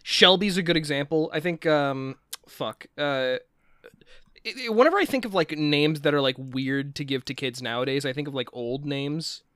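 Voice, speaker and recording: A man's voice: on the high side, moderate pace, a bit bright, smooth, no echo, clean studio sound. A man co-hosting a casual podcast, rambling with many restarts and casual swearing. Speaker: podcast co-host. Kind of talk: casual chat.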